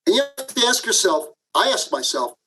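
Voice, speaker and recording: Fast-talking guy telling a work story on a podcast, keeps saying the host's name. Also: high voice, soft background music, poor audio. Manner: lively storyteller, addresses the host by name. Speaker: guest, management professor.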